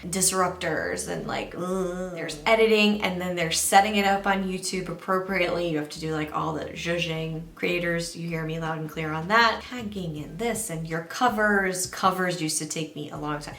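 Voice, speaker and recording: A woman in her thirties talking casually to camera as a beauty vlogger, chatty and animated, dropping into hushed asides. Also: fairly low pitch, normal speed, few pauses, roomy sound. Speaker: beauty YouTuber. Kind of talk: casual vlog talk to camera.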